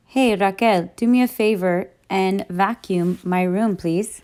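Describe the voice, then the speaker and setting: A woman's voice: medium pitch, a little slow, hardly any pauses, darkish tone. A woman teaching Spanish grammar in a recorded lesson, patiently walking through each rule one step at a time.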